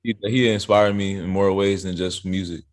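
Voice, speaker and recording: A young man with a notably low, deep voice talks in a relaxed, slangy, rambling way. He is a rapper from South Carolina, answering questions as a guest in an interview. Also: normal speed. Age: young adult. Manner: laid-back, slangy, loose storytelling. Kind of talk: casual interview chat. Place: interview studio.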